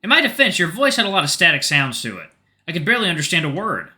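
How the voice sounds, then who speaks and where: A man voicing a flustered young male student character in a visual novel, high-pitched and cheeky. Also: sing-song, fast talker, pushed and bright, exaggerated voice. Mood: startled.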